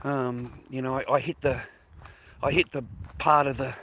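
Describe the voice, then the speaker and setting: A man's voice: mid-range voice, little pitch movement, moderate pace, pushed and bright, a little hiss or hum. Tired, rambling Australian man. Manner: rambling, swears a lot, addresses viewers as mate and boys. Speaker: vlogger. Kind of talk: casual rambling monologue to viewers. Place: outdoors, walking to a bus stop early in the morning.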